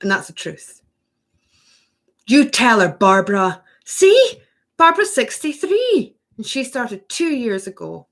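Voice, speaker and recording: A woman's voice: on the high side, sing-song, a little slow, fairly bright tone. A woman hosting a spiritual workshop, chatting effusively through a casual live-stream Q&A and answering viewers by name.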